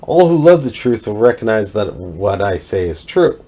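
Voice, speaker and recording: A man reading aloud the lines of a calm, steady male religious teacher in a scripture reading. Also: on the low side. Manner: measured, plainly read quotations.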